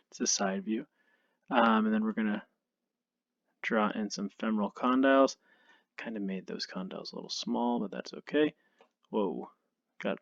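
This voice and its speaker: Relaxed man lecturing on anatomy. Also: on the low side, no echo, highs cut off. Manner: relaxed, self-deprecating, thinks aloud with many ums. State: tired, yawning. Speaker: anatomy instructor. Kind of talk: recorded lecture over slides.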